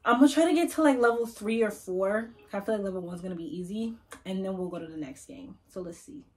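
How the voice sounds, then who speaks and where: A woman's voice: medium pitch, fast talker. A young woman giving casual let's-play commentary at her computer, chatting to the viewers and coaxing and teasing the game characters. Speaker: gaming YouTuber. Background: faint game music.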